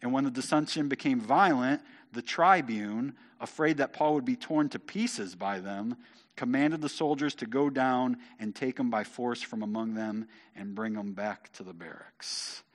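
A man reading scripture aloud and explaining it in a lively, conversational way, often stammering and repeating words as he goes. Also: mid-range voice, a little slow. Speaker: Bible teacher.

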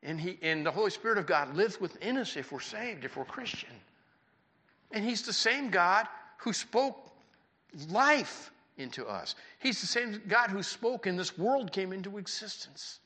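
A man's voice: high-pitched, lively intonation, unhurried, bright, forceful tone. An older man in his sixties preaching a sermon in church, folksy and conversational, with rhetorical questions to the congregation. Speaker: pastor.

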